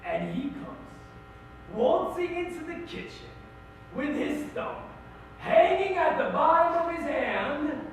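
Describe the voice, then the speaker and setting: A teenage boy performing a monologue as a middle-aged Irish-American man, telling his story in an animated, wry and emotional way. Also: extremely high pitch, slow pace, slight background noise, exaggerated voice. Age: teens. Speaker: high school forensics performer. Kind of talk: competitive dramatic monologue. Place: school auditorium stage. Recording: echoey hall, distant mic.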